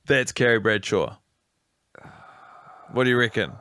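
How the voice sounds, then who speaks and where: A man's voice: medium pitch, normal speed, a bit bright, no echo, clean studio sound. A man co-hosting a podcast, chatting playfully and rambling while watching a film. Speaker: podcast co-host. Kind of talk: casual chat over a film.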